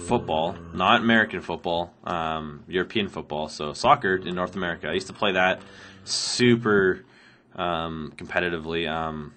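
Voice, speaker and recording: A man's voice: low-pitched, fairly bright tone, slight background noise. A man who is sick, answering viewer questions while playing a block-building game, rambling with many ums and laughs. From Canada. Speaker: Minecraft let's player answering viewer questions. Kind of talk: casual gameplay commentary.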